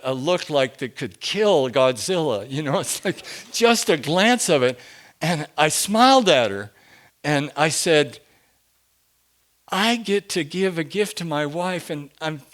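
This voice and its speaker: A middle-aged man telling a personal story to a group, animated, laughing often and swinging from hushed to loud. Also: a little high.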